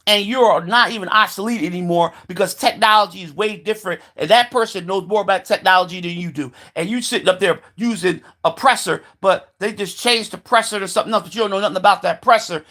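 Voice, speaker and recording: A man with a high-pitched voice delivers a heated, profane rant straight to the camera. He swears constantly and mimics other people in mocking quoted voices as he argues. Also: creaky, fairly bright tone. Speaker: video commentator. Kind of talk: angry political rant.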